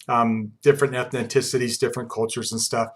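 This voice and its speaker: Man in his forties, college instructor, quick conversational lecture, mid-pitched voice. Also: little pitch movement. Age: 40s. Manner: fast-talking, conversational, uses personal anecdotes. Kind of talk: classroom lecture.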